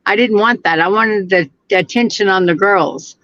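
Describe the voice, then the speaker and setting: A woman from Oklahoma, a mother being interviewed remotely, speaking in an earnest, halting, deliberate way. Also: mid-range voice, fairly bright tone, no echo, highs cut off. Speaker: guest, mother of a missing girl.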